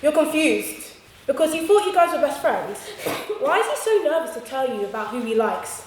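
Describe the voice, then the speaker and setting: A young woman student delivers a humorous debate speech in a debating chamber, her comic timing punchy and theatrical. Her high voice is sing-song at a normal pace, with a little hiss or hum, recorded from far off in an echoey hall.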